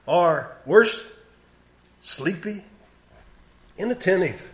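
A man's voice: sits high, expressive, extremely slow. A man preaching a sermon in a plain conversational way, repeating key words for emphasis.

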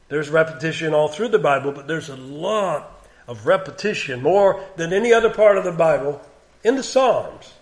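A male preacher delivering a sermon in an unhurried, conversational manner. His voice sits a little higher than most men's, and he leans on repetition to drive his points home. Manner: plain conversational preaching, repeats words for emphasis.

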